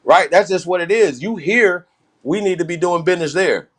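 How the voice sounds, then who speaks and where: A man's voice: high voice, normal speed, fairly bright tone. Blunt, emphatic man hosting a stream. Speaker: host. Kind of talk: livestream political talk.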